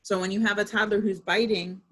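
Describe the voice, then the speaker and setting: A woman's voice: medium pitch, flat delivery, a little fast. A woman in her thirties, a parent, giving a casual presentation to parents, chatty and full of personal examples. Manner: conversational, with frequent fillers and personal anecdotes.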